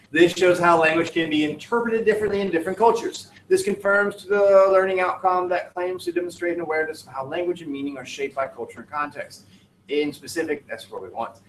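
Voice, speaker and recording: A man's voice: fairly high pitch, slight background noise. A male teacher reading student work aloud to his class and giving feedback, with joking, wry asides. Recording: echoey classroom, distant mic.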